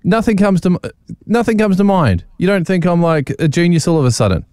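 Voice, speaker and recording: A man's voice: high voice, brisk, no room sound, clean studio sound. A man co-hosting a radio show, playfully acting offended. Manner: animated, mock-offended. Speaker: radio co-host. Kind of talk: breakfast radio banter.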